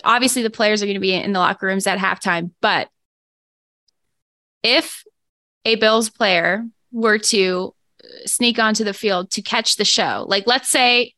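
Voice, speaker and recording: A woman's voice: mid-range voice, a little slow, sharp tone, no echo. A woman hosting a casual sports talk show, chatty and playful, often laughing.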